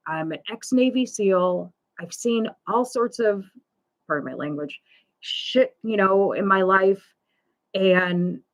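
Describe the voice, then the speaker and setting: Slow-talking woman telling a story. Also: mid-range voice. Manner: slow, conversational, with fillers and retold dialogue. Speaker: pet loss support host. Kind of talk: storytelling in a live stream talk.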